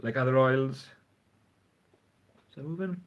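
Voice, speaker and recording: A man's voice: medium pitch, measured pace. Rambling man on a livestream. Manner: rambling, frank, swears casually. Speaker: fragrance reviewer. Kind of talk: casual livestream chat. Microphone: phone front camera.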